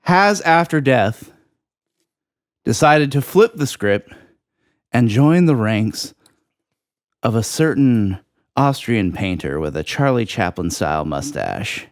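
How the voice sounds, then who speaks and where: A man co-hosting a podcast, giving a mock-serious explanation in a dry, ironic, deliberate way. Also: mid-range voice, sing-song, no echo. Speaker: podcast co-host. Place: podcast studio.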